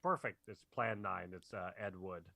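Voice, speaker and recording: A man co-hosting a casual livestream chat, joking and acting out scenes in quick asides. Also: deep voice, gravelly, pushed and bright, no room sound. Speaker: podcast co-host.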